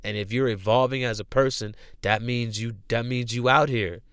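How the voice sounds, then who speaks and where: A man's voice: mid-range voice, fairly even intonation, moderate pace, a bit bright, clean tone, dry recording, clean studio sound. Profane, emphatic man hosting a podcast. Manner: profane, repetitive, slangy and emphatic. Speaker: podcast host. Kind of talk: casual motivational talk.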